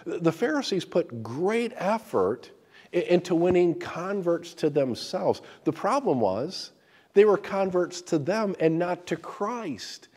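A man's voice: sits high, animated, slow, a little mellow, husky, in a large hall. A man preaching a sermon as pastor, emphatic and often repeating words as he restarts.

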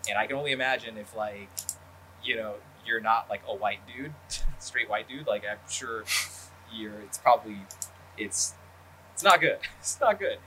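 A man's voice: fairly low pitch, fairly even intonation, normal speed, sharp tone, a little hiss or hum. A man hosting a podcast who talks in a rambling, casual way. He swears often and fills his talk with ums and likes. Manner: rambling, profane, lots of fillers. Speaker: podcast host. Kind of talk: casual chat.

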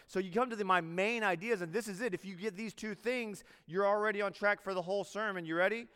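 A male military chaplain preaching in an easy, conversational way, often slipping into quoted dialogue. His voice sits a little higher than most men's. A long hall reverb trails behind him. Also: quick pace, few pauses, fairly bright tone, smooth. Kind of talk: sermon.

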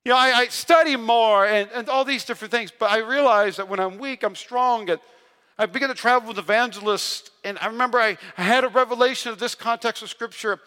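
Male pastor, high bright voice, energetic storyteller with a joking, self-deprecating streak, preaching a sermon in a big reverberant hall. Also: a little fast, clear, resonant tone. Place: large church hall. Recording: long reverb of a large hall.

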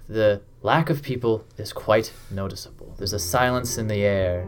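Man narrating as game master. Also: medium pitch. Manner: descriptive, slows down for atmosphere.

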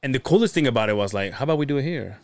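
A man's voice: medium pitch, very fast, dry recording. A man hosting a podcast, telling stories in casual chat with lots of swearing and acted-out voices. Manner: animated storyteller acting out quoted voices, swears freely. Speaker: podcast host.

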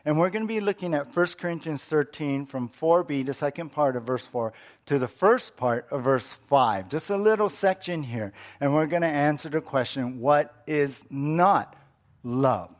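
A man preaching a sermon as pastor, earnest and measured, repeating key points. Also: on the high side, expressive.

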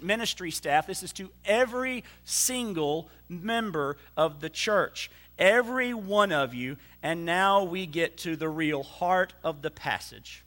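A man preaching a sermon as a pastor, teaching slowly with frequent fillers and restarts, and speeding up when he reads scripture aloud. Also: high-pitched, animated, fairly bright tone. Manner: reads scripture quickly, then slows to explain.

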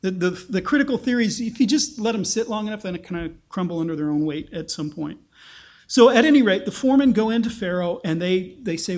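A man preaching an expository sermon in an animated way, acting out the quotes he tells. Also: fast talker. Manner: animated, acts out quotes with rising pitch. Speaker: pastor.

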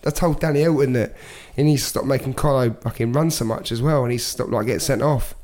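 A man's voice: mid-range voice, fast talker, darkish tone. A man with a Scouse accent, co-hosting a casual podcast, telling jokey stories and laughing often. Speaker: podcast co-host. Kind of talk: casual banter.

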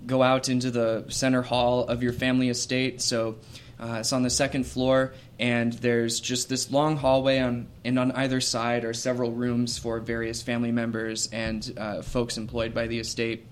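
A man's voice: mid-range voice, level tone, moderate pace. A man running a tabletop role-playing game as game master, narrating scenes with frequent fillers and restarts. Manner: hesitant, many fillers and restarts.

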